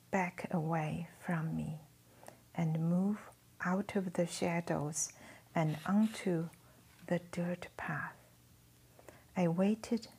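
Woman, memoir read-aloud, hushed near-whisper, very slow, breathy. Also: on the low side. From China. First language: Chinese. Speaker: author reading her memoir.

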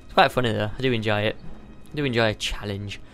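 A man giving excitable let's play commentary, yelping and tossing out goofy exclamations. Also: fairly low pitch, fast, soft background music. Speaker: gamer.

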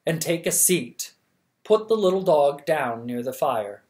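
A reader voicing a kindly old king who speaks with gentle, unhurried courtesy, close to their own voice. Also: mid-range voice, lively intonation, close to an everyday voice.

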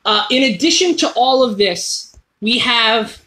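A man hosting a casual chat, talking quickly and excitedly, often cutting himself off mid-sentence, in a toy store. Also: very high voice. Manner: rapid, excitable, self-interrupting fan talk. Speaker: host.

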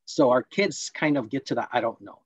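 In an online parenting workshop, a man lays out his points and slips into quick role-plays of parents scolding their kids. His voice sits at a medium pitch with a slightly rough edge, and the low-quality recording has no echo.

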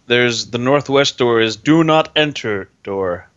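Hesitant male tabletop player, mid pitch, muffled lo-fi mic. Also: lively intonation, slow pace, fairly bright tone, smooth. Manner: hesitant, lots of ums. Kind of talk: casual tabletop game chat. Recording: dull lo-fi mic.

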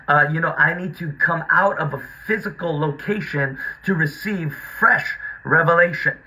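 A man's voice: on the high side, sharp tone, poor audio. A man preaching a livestreamed sermon with call-and-response exhortations, repeating his key lines.

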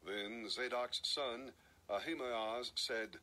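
Bright-voiced man reading scripture. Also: medium pitch, moderate pace, breathy edge, rough recording. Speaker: scripture reader.

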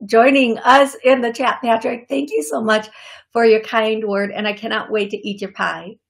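A friendly woman hosts a live call-in show, talking casually in short bursts. She greets viewers by name and pads her sentences with fillers and restarts. Her voice sits at a middle pitch. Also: moderate pace, gravelly. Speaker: psychic medium host of a call-in show.

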